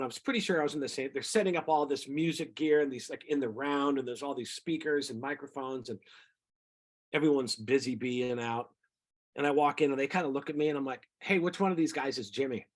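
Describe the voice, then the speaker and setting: A middle-aged singer-songwriter telling rambling, animated stories about his music career in a casual interview. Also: medium pitch, fairly quick. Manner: rambling, animated anecdotes with quoted voices.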